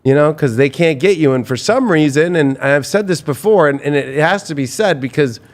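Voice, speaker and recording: A man's voice: a little high, lively intonation, normal speed. A man, a tarot reader, telling stories in a rambling, profane way on a casual podcast, full of restarts.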